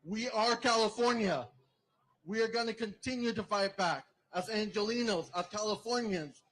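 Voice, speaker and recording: A man's voice: high voice, moderate pace, fairly bright tone, rough recording. A man emceeing an outdoor protest rally, giving a rousing speech and introducing speakers. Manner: rousing, chants with the crowd.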